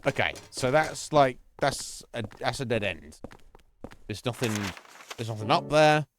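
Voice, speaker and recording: A man's voice: mid-range voice, lively intonation, unhurried, slight background noise. A man streaming a horror game, chatting casually, rambling and swearing often as he laughs at himself. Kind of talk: casual live gameplay chat.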